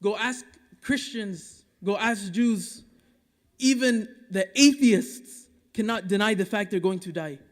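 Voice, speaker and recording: Male imam from Dallas, high voice, impassioned Friday sermon with quick Arabic recitation, long mosque-hall reverb. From Dallas, Texas. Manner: impassioned, rhetorical, swinging between loud urging and hushed asides; recites Quranic Arabic quickly between English explanation.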